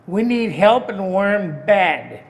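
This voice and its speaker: A man's voice: sits high, big pitch swings, slow pace, gravelly. A man giving a heated, accusing public comment at a city council meeting. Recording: echoey council chamber.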